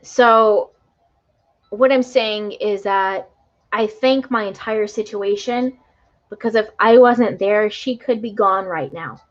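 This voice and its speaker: A woman's voice: medium pitch, takes it slowly, muffled recording. A woman tarot reader talking earnestly and emotionally to viewers of a live stream, often tagging on "right?".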